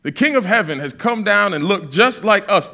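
A man in his thirties from Massachusetts preaches with a high, bright voice that leaps up and down in pitch. He reads scripture slowly, then jokes and tells stories with the room. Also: vocal fry. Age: 30s. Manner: animated, joking storyteller with Bible readings. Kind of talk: sermon.

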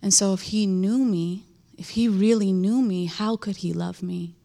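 Slow, earnest woman sharing her testimony. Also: mid-range voice, fairly even intonation, creaky, mellow. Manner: earnest, halting, full of "like" and restarts. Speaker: churchgoer giving a testimony. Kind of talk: personal faith testimony.

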